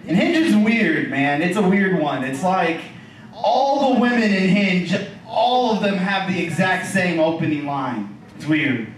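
Brief: male stand-up comic, high and animated, crude and loose, echoey bar room heard from a distance. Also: unhurried. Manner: crude, loose, conversational storytelling. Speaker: stand-up comedian. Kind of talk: stand-up comedy set. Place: bar venue stage with live audience. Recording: echoey room, distant mic, crowd audible.

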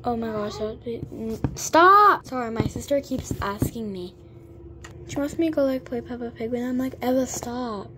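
A woman's voice: a little high, fairly quick, background noise. A girl giving chatty gameplay commentary, full of fillers and sudden exclamations. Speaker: gamer.

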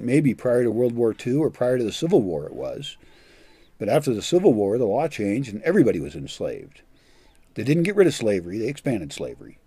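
A man's voice: mid-range voice, warm tone, breathy edge, no room sound. An older man giving a blunt, profane monologue as a vlogger, scornful and direct. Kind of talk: ranting monologue.

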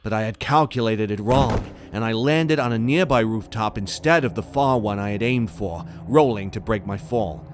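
A man's voice: on the low side, moderate pace, hardly any pauses, slight background noise. A man reading a scripted first-person horror story in a tense, dramatic way. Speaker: narrator.

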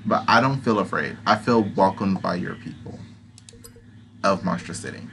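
A man's voice: deep voice, expressive, moderate pace, vocal fry, a bit bright, a little hiss or hum. A man doing casual let's-play commentary, chatty and playful as he reads game text aloud. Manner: chatty and playful, laughs often. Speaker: gaming video creator.

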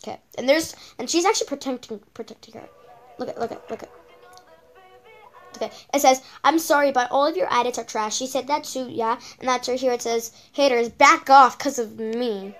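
A woman's voice: high-pitched, fairly quick, fairly bright tone. A female channel host giving casual reaction commentary on videos, rambling with lots of repeated okays and ums.

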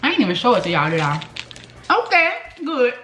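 Squeaky high young woman vlogger, bouncy n bright, echoey room, joking around. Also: sing-song, a little fast, a little hiss or hum. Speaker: YouTube vlogger. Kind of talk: casual snack taste-test chat.

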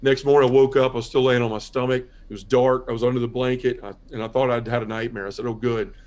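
A man shares his life story as a podcast guest. He speaks in an earnest, quiet, heartfelt way, like someone giving a personal testimony. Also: mid-range voice, flat delivery, quick pace.

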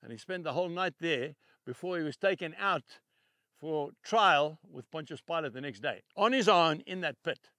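An older man preaching a televised sermon, emphatic and repeating key phrases, swinging between soft and loud. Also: fairly high pitch, expressive, normal speed, no room sound, studio quality.

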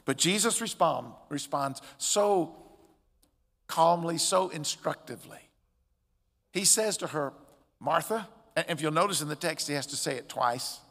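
A man preaching a sermon as pastor, expressive, with loud emphatic peaks and quiet drops. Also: on the high side, a little slow. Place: church sanctuary. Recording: long church hall reverb.

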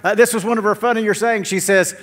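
Middle-aged man, pastor preaching from the pulpit; voice sits a bit high, anecdotal delivery with humor. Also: brisk, background noise. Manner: animated storytelling with jokes and quotes; drops to a low, quiet tone in prayer. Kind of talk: sermon.

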